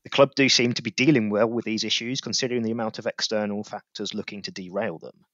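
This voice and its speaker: A man's voice: lowish voice, steady tone, quick pace, fairly bright tone, no room sound. A man co-hosting a podcast, reading listener emails with cheery, playful asides. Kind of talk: casual chat and reading aloud. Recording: dry, slightly dull podcast mic.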